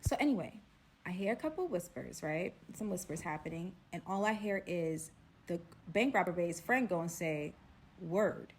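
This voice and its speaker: A young woman from Brooklyn with a Brooklyn accent, telling a casual storytime. She speaks in an animated way and drops to hushed tones for suspense. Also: on the low side, normal speed. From Brooklyn, New York.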